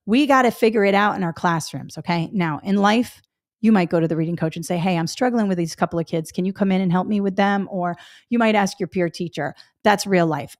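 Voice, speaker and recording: A middle-aged woman gives a test-prep webinar lecture, chatty and emphatic, repeating key points. Her voice is at a middle pitch for a woman, recorded close and dry with no room sound or echo.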